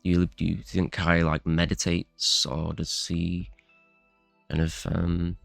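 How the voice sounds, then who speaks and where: A man narrating as game master in an unhurried way. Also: low-pitched, completely flat delivery, gravelly, dry recording, faint music behind. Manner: unhurried, with fillers.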